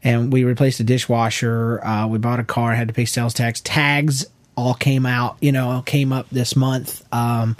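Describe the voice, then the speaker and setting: A man's voice: mid-range voice, little pitch movement, moderate pace, hardly any pauses, dry recording. A man in his thirties co-hosting a podcast, chatting casually and jokingly with his wife, rambling with many restarts. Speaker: podcast co-host.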